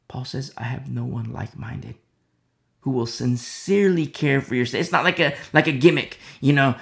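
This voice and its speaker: Male preacher, gravelly, slightly high, casual Bible talk with hushed emphasis and mock dialogues. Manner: repetitive, drops to near-whispers for emphasis, acts out mock dialogues. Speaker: pastor. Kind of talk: conversational Bible teaching.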